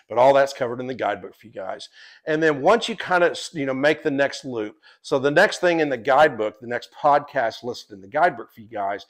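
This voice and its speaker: A man's voice: mid-range voice, creaky. A man who guides visitors and writes a guidebook. He tells stories in a rambling, chatty way and often breaks into laughter. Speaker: tour guide and guidebook author. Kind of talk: casual podcast storytelling.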